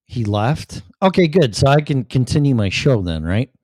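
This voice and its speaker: A man hosting a loose, casual podcast, swearing freely and rambling as he fiddles with his equipment. His pitch sits mid-range, and the sound is dry with no room echo. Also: sing-song, moderate pace, darkish tone. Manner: profane, rambling, distracted by equipment. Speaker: podcast host. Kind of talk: casual chat.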